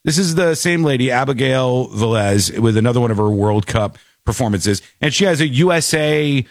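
Animated ranting male commentator. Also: mid-range voice, moderate pace, dry recording, clean studio sound. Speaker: show host. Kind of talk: opinionated commentary.

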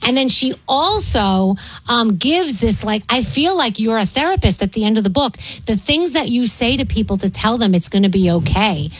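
Admiring female co-host, slightly high. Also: lively intonation, moderate pace, low-quality recording. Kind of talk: talk show interview.

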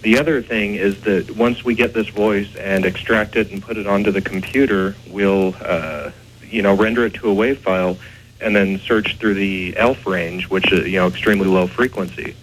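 A man with a low voice answers interview questions, pausing often and leaning on fillers. Faint noise sits behind him. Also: steady tone, rough recording. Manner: hesitant, filler-heavy. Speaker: guest, ghost investigator.

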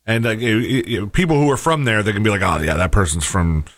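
A man's voice: lowish voice, quick pace, fairly bright tone, no echo, clean studio sound. A man co-hosting a talk show, rambling and hesitant in casual chat with many fillers. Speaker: co-host.

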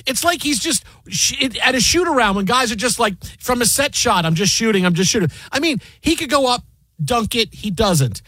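Husky high-voiced exasperated sports radio man. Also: sing-song, normal speed, sharp tone, no room sound. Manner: exasperated, mocking, acts out quoted voices. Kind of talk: sports talk radio banter.

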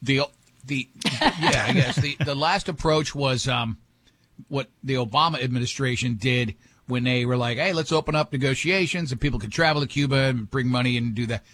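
Male radio host, husky, rambling and jokey, casual on-air banter. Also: medium pitch, normal speed, a bit bright, no room sound. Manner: rambling, jokey, restarts sentences.

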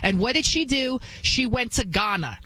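A woman's voice: fairly high pitch, lively intonation, normal speed, pushed and bright, low-quality recording. A woman hosting a talk show, delivering an emphatic, blunt monologue that repeats its points and keeps asking "right?".

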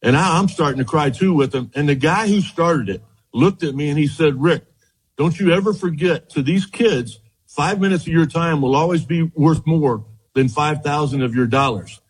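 A man, a former baseball pitcher, telling lively stories as a guest in an interview, often repeating himself as he goes. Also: normal speed, breathy edge, low-quality recording. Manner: animated storyteller, quotes others, repeats words. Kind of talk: storytelling interview chat.

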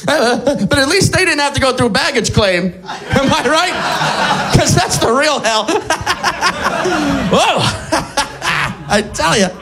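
A man doing a stand-up set, dark deadpan humor, laughing at his own jokes. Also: very high-pitched, slow pace, long pauses, a crowd in the background. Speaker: stand-up comedian.

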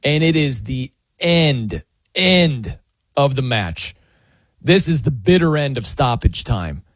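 Animated, chatty sports radio host man. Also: medium pitch, slow pace, no echo. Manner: animated, chatty, laughs often. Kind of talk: casual sports talk monologue.

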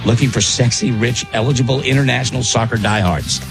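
A man's voice: medium pitch, fairly quick, gravelly, over music. A man hosting a casual morning radio show, rambling along in an easygoing way with plenty of fillers.

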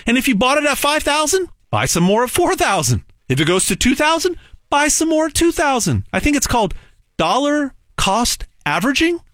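A man delivering an emphatic, repetitive sales pitch monologue as host. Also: sing-song, normal speed, a bit bright, no room sound, clean studio sound.

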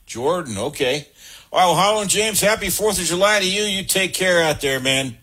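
A man hosting a call-in sports radio show, brisk and joking as he keeps the calls moving. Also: sits high, animated, bright, forceful tone, husky.

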